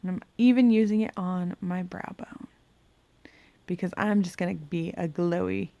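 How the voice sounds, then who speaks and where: A woman's voice: lowish voice, normal speed, warm tone, no room sound. A woman chatting through a makeup tutorial at home, talking to herself as she works and humming now and then. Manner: chatty, talks to herself while working, hums and mutters. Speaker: beauty vlogger. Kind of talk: casual makeup tutorial chat. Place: home bedroom.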